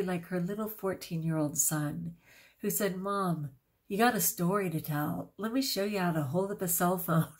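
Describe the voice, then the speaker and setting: A woman in her sixties chatting casually to camera as a vlogger, gushing and laughing often, with plenty of fillers. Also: fairly low pitch. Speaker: vegan vlogger.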